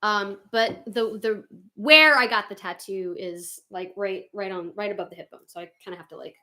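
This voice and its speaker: A woman hosting a livestream, chatting casually with viewers and reading their comments, animated and quick to laugh. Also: mid-range voice. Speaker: livestream host.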